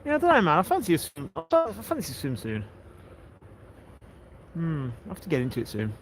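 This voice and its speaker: A man's voice: on the high side, wildly swooping pitch, brisk. A man with an English accent, joking and chatting casually during a walking livestream outdoors. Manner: chatty, joking, laughs often. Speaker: livestream host. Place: outdoors on a coastal walk. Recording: outdoor noise behind.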